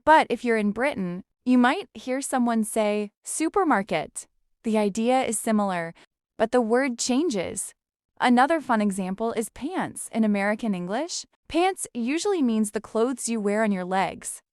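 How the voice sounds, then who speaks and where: A woman co-hosting an English-learning podcast, reading a scripted lesson in a calm, instructive way. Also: on the high side, a little slow, smooth, no echo, studio quality. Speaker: podcast co-host teaching English. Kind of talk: scripted educational narration.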